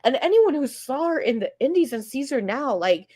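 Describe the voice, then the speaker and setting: A woman with a slightly high voice in casual wrestling talk. She gushes emotionally and swears freely as she speaks. Her delivery is open and heartfelt. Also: very animated, normal speed, a little mellow. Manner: emotional, gushing, swears often. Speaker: podcast co-host.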